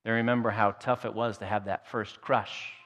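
A man's voice: fairly low pitch, little pitch movement, moderate pace, a bit bright. A man pastor delivering a sermon in a storytelling, humorous way, often repeating his words as he goes. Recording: long hall reverb.

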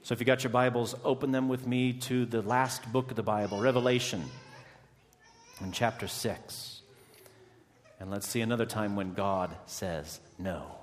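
A man preaching a sermon, swinging dramatically between hushed, quiet lines and impassioned, raised ones. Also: fairly low pitch, normal speed, in a large hall.

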